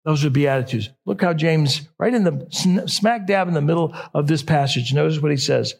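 Man, pastor, sermon, husky, slightly high voice, casual self-corrections. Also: animated, moderate pace, hardly any pauses. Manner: conversational preaching with self-corrections.

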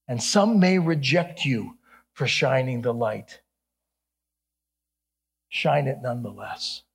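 A man's voice: mid-range voice, gravelly, slightly rough. A middle-aged man from Ohio, a pastor preaching an earnest sermon with humorous asides. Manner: earnest, then playfully animated with jokes.

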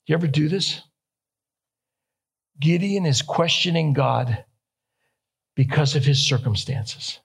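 A man's voice: on the high side, slow pace, vocal fry, long pauses, breathy edge. A young man preaching a sermon, stressing key phrases and repeating them, rising with feeling on quoted questions. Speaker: pastor.

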